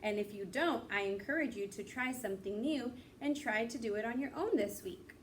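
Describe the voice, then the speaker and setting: A woman with a fairly high voice leads a phonics lesson for small children, sounding words out slowly and cheering them on. She is a little off-mic, with faint room noise behind her. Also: distant mic. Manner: slow, clear, encouraging teacher talk. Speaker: teacher.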